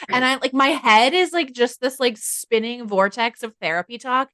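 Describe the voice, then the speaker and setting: A woman's voice: on the high side, normal speed, few pauses, pushed and bright. An American woman co-hosting a podcast in casual chat, blunt and given to swearing, acting out her own inner voice. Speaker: podcast co-host.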